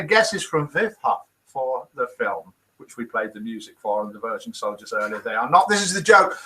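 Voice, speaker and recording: The recording is rough, and his mid-range voice comes across bright, forceful and very animated, at a moderate pace with hardly any pauses. A British host in his fifties runs a live daily show, chatting, mocking himself, and reading viewers' comments and jokes with voices for quotes.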